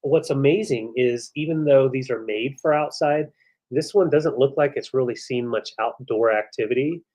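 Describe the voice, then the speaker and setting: A man's voice: medium pitch, moderate pace. Easygoing man describing vintage pieces. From western United States. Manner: relaxed, enthusiastic describing items. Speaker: live sale co-host. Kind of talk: live selling chat.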